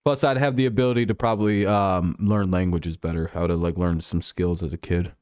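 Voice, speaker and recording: A man's voice: low-pitched, steady tone, a little fast, a little mellow, clean tone, no room sound, clean studio sound. A man hosting a casual football talk live stream, loose and joking, swearing freely as he signs off.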